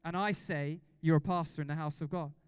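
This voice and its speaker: Male pastor, high clear voice, dry close sound; fired-up preacher who keeps quizzing the room. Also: brisk, no echo. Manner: excitable, exhorting congregation with repeated questions. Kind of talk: sermon.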